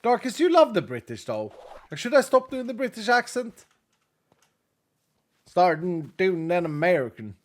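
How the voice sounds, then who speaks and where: A man's voice: sits high, big pitch swings, moderate pace, pauses often. A man in his thirties chatting casually with his chat while playing a game on stream, laughing often.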